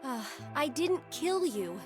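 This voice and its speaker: Cool calm game girl, high voice, flat matter-of-fact lines, music clearly under her. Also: slow, exaggerated voice. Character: calm, composed young woman in a game.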